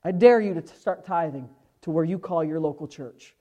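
A man preaching a sermon as pastor, impassioned, moving from quiet asides to loud exhortation. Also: a little high, a little fast.

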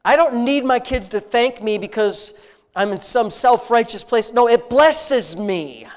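In a very high-pitched, animated voice at a measured pace, a prayer leader guides his congregation in spontaneous, heartfelt prayer. He sounds intimate and conversational, repeating phrases of praise.

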